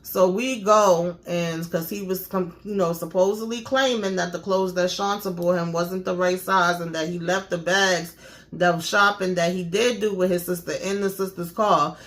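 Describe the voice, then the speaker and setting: A woman's voice: lowish voice, fairly even intonation, moderate pace, fairly bright tone. A woman talks through a reality-show episode in a loose, chatty recap. She is sassy and opinionated, calling out the people on it. She slips into their voices when she quotes them. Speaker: TV recap vlogger.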